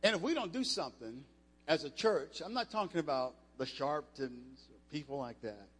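An older man preaching a sermon, emphatic and rising to loud passages, with frequent restarts. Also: on the high side, lively intonation, moderate pace. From United States. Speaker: preacher, former football player. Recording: echoey hall.

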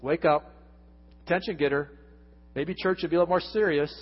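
A man preaching a conversational sermon as pastor, his voice swinging from loud emphasis down to hushed lines. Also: fairly high pitch, fairly even intonation, a little fast. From United States. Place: church sanctuary. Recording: lo-fi church recording with long reverb and faint music.

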